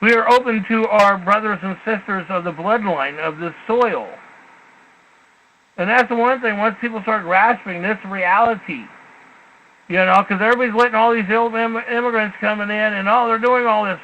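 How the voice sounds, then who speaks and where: A man's voice: high-pitched, normal speed, dull audio, slight background noise. A man hosting a casual radio talk show, blunt and rambling, with profanity.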